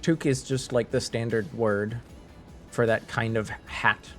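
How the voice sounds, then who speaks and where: A man's voice: medium pitch, steady tone, unhurried, soft background music. A man chatting casually with viewers on a live stream, rambling, laughing and restarting his sentences.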